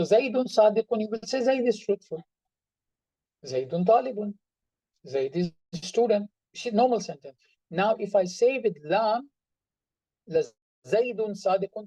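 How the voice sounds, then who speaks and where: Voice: medium pitch, expressive, moderate pace, mellow, no room sound, poor audio. A teacher giving an online grammar class, explaining patiently, repeating examples and stressing words through tone of voice.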